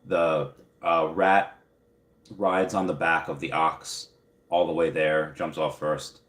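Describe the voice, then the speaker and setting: A man's voice: very deep voice, flat delivery, slow pace, fairly bright tone, roomy sound. A young man hosting a casual livestream, reading viewer comments aloud and rambling with many fillers. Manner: rambling, filler-heavy, upbeat. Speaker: livestream host.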